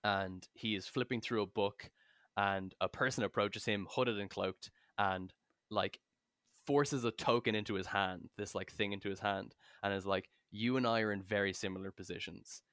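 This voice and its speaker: A man, a guest game master, telling a story in a rambling, animated way with many fillers and restarts and plenty of swearing. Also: fairly low pitch, normal speed, no echo, studio quality. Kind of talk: casual podcast chat, storytelling.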